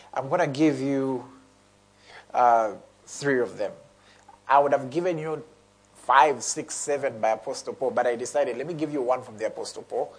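A male pastor preaching a sermon, repeating key phrases for emphasis and reading scripture aloud slowly. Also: on the high side, husky, poor audio.

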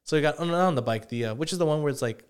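A man's voice: on the high side, very fast, smooth. A man in his twenties co-hosting a podcast, casually telling a story full of swearing and acted-out quotes. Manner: profane, animated, acts out quotes. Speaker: podcast co-host.

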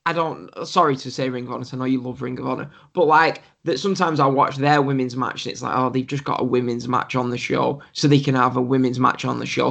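A man's voice: mid-range voice, creaky, a bit bright. A man co-hosting a podcast, talking casually and bluntly, often asking if the listener gets his point. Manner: blunt, opinionated, keeps asking "do you know what I mean". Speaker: podcast co-host. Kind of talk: casual chat.

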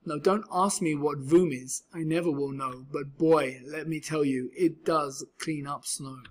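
A man's voice: fairly high pitch, fairly even intonation, unhurried. A man reading a rhyming children's storybook aloud with a rhythmic, sing-song delivery. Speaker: storybook reader.

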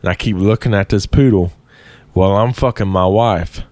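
A man imitating a crude redneck storyteller who brags in a drawn-out way. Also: fairly low pitch, a little mellow, dry recording, close to an everyday voice. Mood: bragging. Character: crude, bragging redneck man telling a tale.

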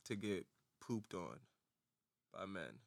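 A young man co-hosting a casual podcast, laid-back and slangy, quick to laugh. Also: deep voice, very animated, vocal fry, dry recording, clean studio sound. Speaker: podcast co-host. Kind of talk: casual chat.

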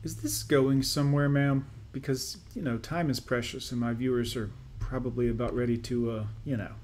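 A man's voice: mid-range voice, steady tone, normal speed, a little mellow. A man hosting a reaction video, commenting sarcastically and dismissively over played clips.

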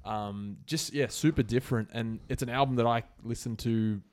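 Moderately paced and medium-pitched, a man co-hosts a podcast in a casual chat. He stays relaxed, rambling on and using many filler words.

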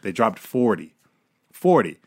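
A man's voice: fairly low pitch, big pitch swings, a little slow, slightly rough. A man co-hosting a podcast, chatting casually and animatedly about football, swearing and laughing. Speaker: podcast co-host. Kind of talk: casual sports chat.

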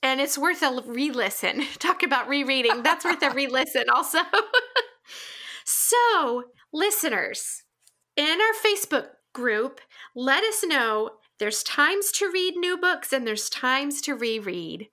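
A woman's voice: high-pitched, animated, a little slow, sharp tone. A woman co-hosting a book podcast who speaks directly to listeners in an upbeat, casual way. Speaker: podcast co-host. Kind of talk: casual chat.

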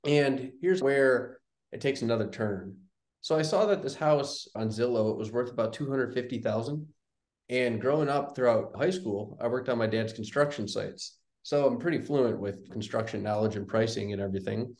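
A man's voice: mid-range voice, moderate pace. A young man, a guest on an interview show, casually telling a story and acting out the dialogue. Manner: animated storyteller, acts out quoted dialogue. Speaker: guest, real estate investor. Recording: roomy echoey sound.

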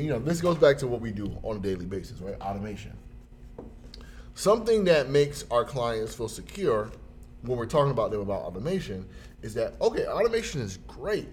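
A man telling a funny everyday story in a casual chat, jumping into high voices when he quotes people.

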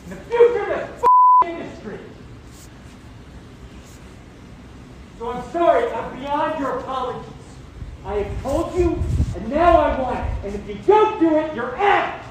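A man's voice: very high voice, animated, moderate pace. A man angrily berating his film crew with stern, clipped threats, caught on a leaked set recording. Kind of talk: angry rant. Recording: echoey, distant, noisy leaked set recording.

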